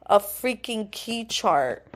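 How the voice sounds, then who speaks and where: A young woman hosting a podcast, telling animated, laughing stories in casual chat and swearing freely. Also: medium pitch, slow pace. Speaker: podcast host.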